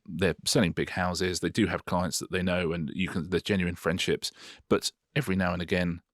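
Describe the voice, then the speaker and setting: A man's voice: low-pitched, flat delivery, moderate pace, no room sound, studio quality. A middle-aged man co-hosting a podcast, chatting enthusiastically and rambling with restarts. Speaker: podcast co-host, TV producer. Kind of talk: casual chat.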